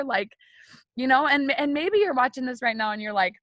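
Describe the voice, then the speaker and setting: A woman's voice: high voice, lively intonation, moderate pace, fairly bright tone, no echo. Candid young woman giving a devotional talk. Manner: candid, confiding, repeats phrases, frequent "like" and "right?". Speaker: faith video host. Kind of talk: personal devotional talk to viewers.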